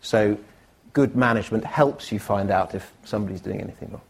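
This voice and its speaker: A man chairing a panel discussion, brisk and wry, taking questions from the floor. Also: on the low side, vocal fry, slightly rough. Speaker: panel moderator.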